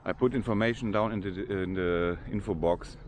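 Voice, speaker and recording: An older vlogger with a German accent chats casually in unpolished English as he walks through a large cemetery. His voice is lowish at a normal speed, with slight background noise.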